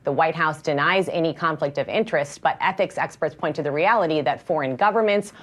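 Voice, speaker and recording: A female news reporter delivering a scripted report in a measured, even manner. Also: low voice.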